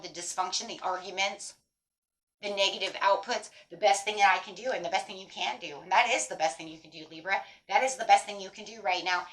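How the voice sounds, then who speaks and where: A woman's voice: mid-range voice, a bit bright, low-quality recording. A woman giving a tarot reading in a blunt, emphatic way, swearing freely as she talks straight to her viewers. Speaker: tarot reader.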